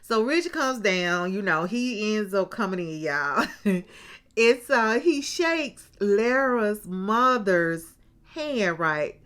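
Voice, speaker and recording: A woman's voice: mid-range voice, fairly bright tone. A woman hosting a casual recap of a reality TV show, acting out what people said and often turning to her viewers with asides. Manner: chatty storyteller with frequent asides to viewers.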